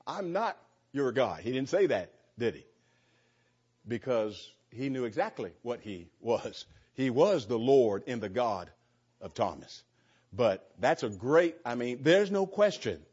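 Husky-voiced man teaching Bible study. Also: medium pitch, expressive, a little slow, darkish tone. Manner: earnest, repeats words and restarts often. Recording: slightly dull lo-fi sound.

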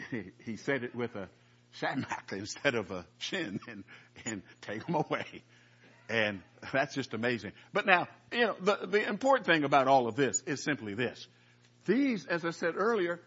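A man with a husky, breathy voice teaches scripture in a loose, chatty way and often stops to ask his listeners questions. The recording is dull and muffled, like a lo-fi church tape. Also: a little high, fairly bright tone. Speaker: preacher. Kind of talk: conversational Bible teaching.

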